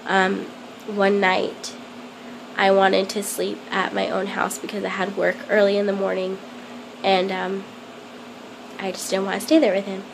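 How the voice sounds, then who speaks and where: A young woman telling a personal story to camera in a hesitant, halting way, full of ums. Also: medium pitch, monotone, creaky, background noise. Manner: plain confessional telling. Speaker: vlogger.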